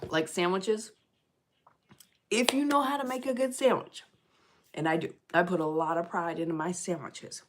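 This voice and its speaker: A middle-aged woman chatting on a livestream, telling stories in a lively, fired-up way and greeting viewers by name. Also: lowish voice, moderate pace, long pauses. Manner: animated storyteller, gets loud and fired up. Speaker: livestream host. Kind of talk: casual livestream chat.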